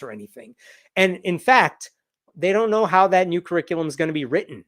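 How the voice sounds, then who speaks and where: A man's voice: on the high side, a little fast, a bit bright. An American man hosting a casual livestream news roundup, chatty and sarcastic. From United States. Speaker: host.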